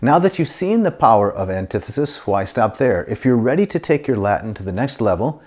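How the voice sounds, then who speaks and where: A middle-aged man teaching Latin grammar, explaining step by step and reading Latin phrases slowly and clearly. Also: medium pitch, sing-song, a little mellow. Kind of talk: grammar lesson to camera.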